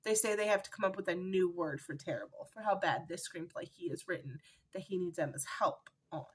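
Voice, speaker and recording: A woman's voice: on the low side, fairly quick, slightly rough. A woman reviewing a book in a chatty, emotional way, with many fillers, recorded at home. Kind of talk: casual book review vlog.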